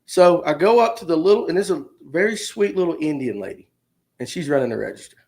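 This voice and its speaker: Gravelly man spinning a yarn. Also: fairly high pitch, animated, fast, darkish tone. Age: 50s. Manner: rambling, jokey, talks straight to viewers. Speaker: podcast host. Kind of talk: casual storytelling on a livestream.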